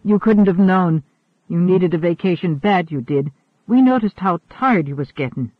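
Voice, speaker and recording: Guy doing a big young laborer, gruff folksy talk, dry tinny audio. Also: sits high, moderate pace, no room sound. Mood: reassuring. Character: big young working man, loyal, gruff, plain-spoken. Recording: narrow phone-like sound.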